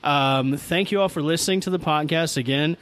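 Give me a middle-aged man telling a story on a podcast, animated and profane, his voice pitched a bit high. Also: fairly quick. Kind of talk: casual storytelling among friends.

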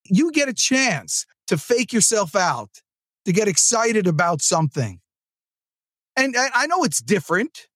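Man from New Jersey, podcast host, high voice, lively swooping pitch, rambling, dry close sound. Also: unhurried, no room sound. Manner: animated and rambling, with many restarts. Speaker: podcast host and sales trainer. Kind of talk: casual motivational monologue.

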